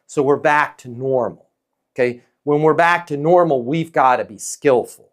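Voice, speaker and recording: A man giving casual training talk as a leasing sales trainer, speaking in a calm, neutral, non-pushy tone and coaching with frequent "okay?" and "right?" check-ins. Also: medium pitch, moderate pace.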